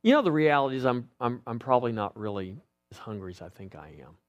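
A man's voice: medium pitch, expressive, fast, muffled recording. A middle-aged man preaching a sermon as pastor, talking conversationally and asking the congregation rhetorical questions.

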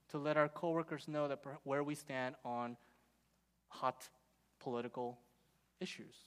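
A man's voice: sits high, a bit bright. A male pastor preaching a sermon in an earnest way, rising to emphatic points.

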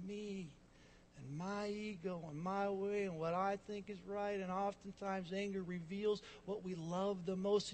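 High-voiced preacher man in a reverberant hall. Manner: storytelling with wide swings between loud emphasis and soft asides. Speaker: pastor. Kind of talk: sermon.

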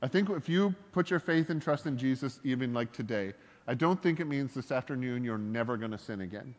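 A man's voice: mid-range voice, expressive, brisk. A man preaching a sermon as a pastor, talking in a loose, conversational way with jokes and self-deprecating asides. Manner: conversational and joking, with laughs and asides. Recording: long hall reverb.

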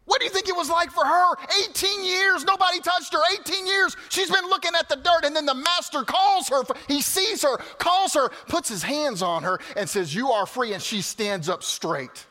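A male pastor preaching a sermon, swinging from loud exclamations to quiet, casual asides. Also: very high-pitched, lively intonation, normal speed, hardly any pauses. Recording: hall reverb.

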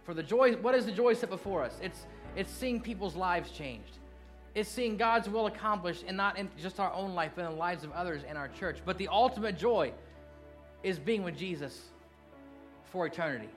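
An earnest middle-aged pastor with a drawl delivers a sermon in a fairly high voice. He swings between hushed, drawn-out lines and quick, animated bursts. Soft music plays faintly underneath.

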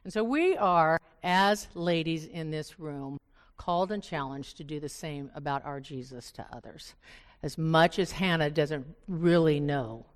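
An older woman speaks to a gathered group of women, telling a self-mocking story with animated asides. Her voice sits low for a woman. The sound carries a long reverb from the church hall. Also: a little slow. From Oregon. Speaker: women's Bible study speaker. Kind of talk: storytelling talk to a live group. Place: church meeting room.

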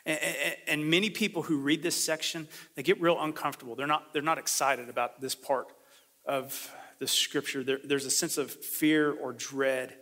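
A fairly high, bright male voice carries through a church sanctuary with a long reverb trailing each phrase. He preaches in a loose, conversational way and slips into the voices of the people he quotes. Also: steady tone, moderate pace. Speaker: pastor. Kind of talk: sermon.

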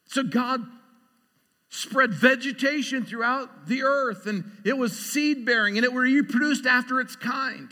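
A man's voice: very high-pitched, a little slow, sharp tone, big-room sound. A man preaching a sermon, talking through prayer and scripture and building to emphatic call-and-response.

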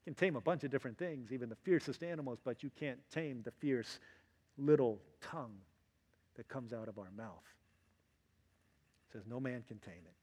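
Husky animated preacher in a reverberant hall. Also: male voice, mid-range voice, normal speed, long pauses. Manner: animated, acts out quotes in varied voices. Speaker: pastor. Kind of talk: sermon.

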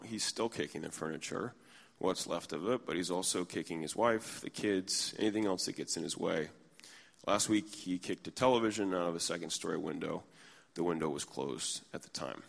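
A man's voice: sits low, creaky, long reverb tail. A man in his thirties preaching a sermon, telling a candid, self-deprecating story from his own life.

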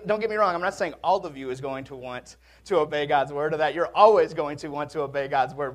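A man preaching a conversational sermon in a church, with jokes and asides to the congregation. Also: on the high side. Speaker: pastor. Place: church sanctuary.

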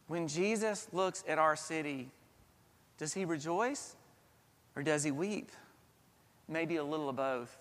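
A man preaching a sermon as pastor, earnest, with dramatic pauses and swells. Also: fairly high pitch, pushed and bright. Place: church sanctuary. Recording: long reverb of a church hall.

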